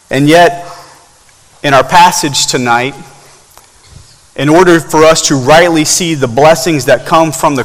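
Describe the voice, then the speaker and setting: A pastor preaching a sermon at a church service, swinging between loud emphatic climbs and soft low passages. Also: male voice, long reverb tail, rough recording.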